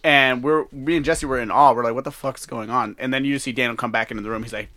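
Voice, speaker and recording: Bright-voiced young man in casual chat. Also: medium pitch, fast. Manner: animated, acts out quotes, swears.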